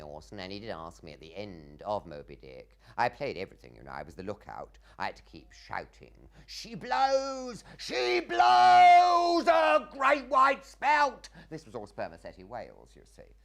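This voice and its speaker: A man's voice: low-pitched, gravelly. An English man in his fifties telling stage stories in an interview, theatrical, breaking into mimicking voices and laughing often. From England. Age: 50s. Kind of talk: anecdotal interview storytelling.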